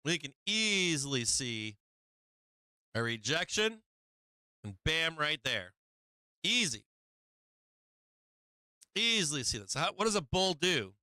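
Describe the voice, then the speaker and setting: Man doing bright, crisp trading commentary. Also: on the high side, big pitch swings, slow pace, long pauses, dry recording. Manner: rhetorical questions to viewers, chats to his cat. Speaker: stock market stream host.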